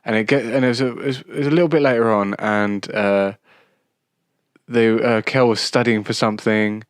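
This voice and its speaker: A man co-hosting a podcast in casual chat, hesitant with many pauses as he recalls old episodes. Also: fairly low pitch, fairly even intonation, dry recording, studio quality. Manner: hesitant, many fillers and restarts while recalling. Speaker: podcast co-host.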